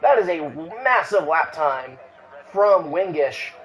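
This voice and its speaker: A man's voice: fairly high pitch, big pitch swings, slow pace, a bit bright, low-quality recording. A man giving live commentary on an online sim racing qualifying session, with frequent "uh" fillers and restarts. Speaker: race commentator.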